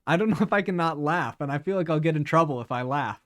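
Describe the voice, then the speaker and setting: A man's voice: fairly high pitch, lively intonation, fast, a bit bright. A man streaming live, chatting casually with his viewers, laughing often and repeating words as he talks.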